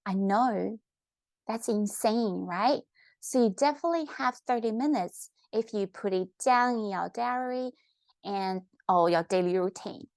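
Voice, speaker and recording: Woman language teacher, unhurried and upbeat, dry close sound. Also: medium pitch, creaky, no room sound. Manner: upbeat, coaxing, asks the viewer questions. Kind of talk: online language lesson.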